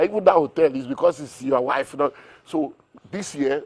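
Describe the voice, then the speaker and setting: A man's voice: mid-range voice, normal speed. A middle-aged man with a Nigerian accent, a business mentor talking energetically in an interview and firing off rhetorical questions. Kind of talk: animated interview talk.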